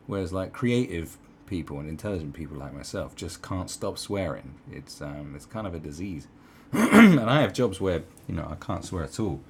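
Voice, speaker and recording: A man's voice: a bass voice, a little fast, few pauses, darkish tone, slight background noise. A man giving rambling, sarcastic opinion commentary, full of fillers and asides.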